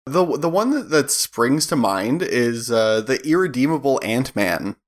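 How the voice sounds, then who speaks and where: Joking male co-host, middle pitch, swings up and down a lot, loose banter. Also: sing-song, unhurried. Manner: jokey, wisecracking, trails off and restarts. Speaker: podcast co-host. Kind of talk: casual chat.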